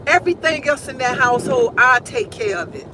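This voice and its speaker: Broadcasting live from her car, a woman in her forties talks a little fast in a high register, with background noise behind her. Her manner is casual and emphatic, and she repeats phrases for stress; a phone picks it up.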